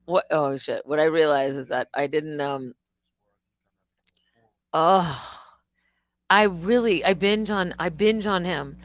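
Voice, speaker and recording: Woman, middle-aged, live-stream host, rambling storyteller, lowish voice, dry close sound. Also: slow, long pauses, no echo. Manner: rambling, animated storytelling with swearing and restarts. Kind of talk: casual live-stream monologue.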